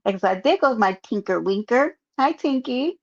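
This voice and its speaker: Gravelly, joking New woman streamer. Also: on the high side, expressive, normal speed. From New York. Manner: playful, joking, talks straight to her chat. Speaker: livestreamer. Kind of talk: casual live stream chat. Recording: muffled lo-fi stream audio.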